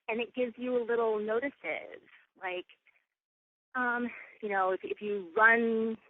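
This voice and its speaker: A woman co-hosting a podcast, chatting casually with many fillers. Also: medium pitch. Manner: chatty, filler-heavy, laughing easily. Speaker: podcast co-host. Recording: tinny phone-like sound.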